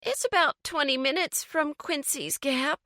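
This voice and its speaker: A woman's voice: high voice, unhurried, pushed and bright, no echo, studio quality, voice pushed up. A woman voicing a timid, plump shopper on the verge of tears. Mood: meek. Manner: meek, shaky, stammering.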